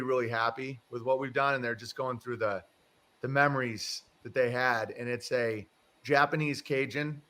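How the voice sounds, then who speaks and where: Rambling, bright-voiced male streamer. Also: mid-range voice. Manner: rambling, chuckling, swears casually. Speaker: livestream host. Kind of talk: casual chat.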